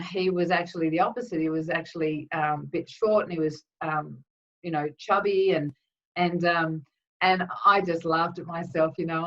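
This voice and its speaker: A woman's voice: lowish voice, a bit bright. A woman giving a spiritual talk, telling a rambling, chatty story full of asides. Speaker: spiritual teacher. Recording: dull, distant recording.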